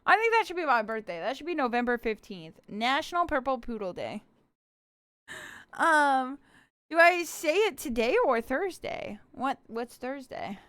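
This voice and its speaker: Young woman streamer, high and lively voice, giggly and cutesy, dry close mic. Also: a little slow, clean tone, dry recording. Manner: bubbly, giggly, talks to chat and plays a cutesy puppy-girl persona. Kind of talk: casual live-stream chat.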